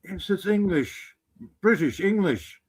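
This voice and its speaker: A man's voice: sits high, expressive, slow pace, husky. A man co-hosting a casual live-stream chat, teasing and joking with wry asides.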